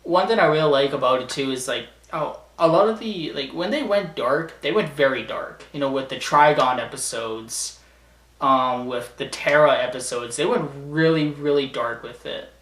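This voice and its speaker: A man from Canada rambles on his vlog, ranking TV shows and frequently stammering before starting again. He speaks at normal speed with a medium-pitched, slightly bright voice. The room is echoey and the mic distant.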